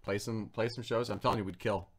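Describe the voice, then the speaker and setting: A man's voice: lowish voice, steady tone, fast. A man hosting a food review channel, chatting casually on a livestream and putting on silly voices when he quotes people.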